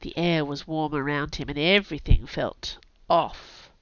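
A woman, an author and podcast host, narrating a story aloud in a lively, expressive way, on a dull lo-fi recording. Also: deep voice, a little slow, no room sound. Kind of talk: scripted audiobook narration. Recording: dull lo-fi sound.

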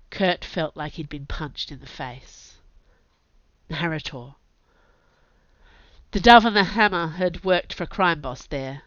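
A woman narrating a fantasy audiobook in a steady, measured way. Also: low voice, dry recording. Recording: dull lo-fi dry recording.

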